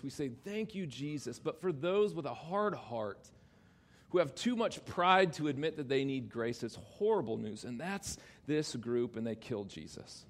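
A man preaching a sermon as a pastor, talking emphatically and swinging between loud exclamations and quiet low asides. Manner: addresses children in the congregation directly.

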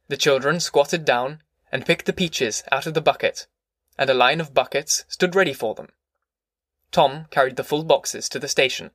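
A man's voice: medium pitch, normal speed, a bit bright, no echo. Man reading an audiobook, dry sound. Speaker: audiobook narrator. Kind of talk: scripted narration.

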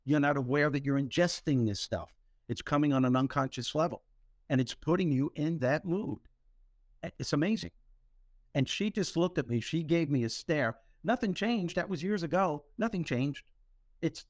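A man hosting a podcast, telling stories with humor in an animated, motivational way. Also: a little high, no room sound, studio quality. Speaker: podcast host. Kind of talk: motivational storytelling talk.

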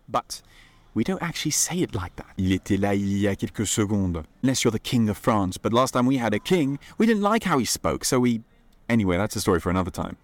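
A man hosting a podcast lesson, relaxed and playful, modeling phrases slowly for listeners to repeat. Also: sits low, dry recording. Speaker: podcast host and French teacher.

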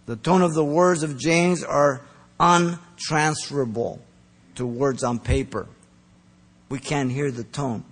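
A man preaching a sermon, earnest and emphatic, pressing his points hard and then dropping soft. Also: fairly high pitch, takes it slowly. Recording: long reverb of a large hall.

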